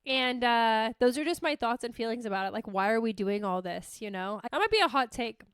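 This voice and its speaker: A woman's voice: fairly high pitch, lively intonation, brisk, fairly bright tone, clear, resonant tone, dry recording, studio quality. A young adult woman hosting her own podcast, chatting casually and animatedly, swearing freely and acting out her own reactions. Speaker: podcast host. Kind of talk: casual solo podcast chat.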